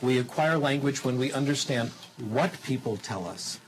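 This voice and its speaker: A man lecturing on how people acquire language for a television audience, teaching in a lively, demonstrative way with rhetorical questions and stretches of simple, slow German. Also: mid-range voice, slight background noise, low-quality recording.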